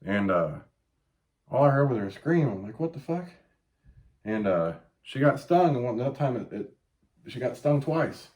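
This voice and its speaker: A man in his late thirties, hosting a laid-back podcast chat, speaks in a mid-range voice at a measured pace, pausing often. His animated stories are full of profanity and yelped quotations.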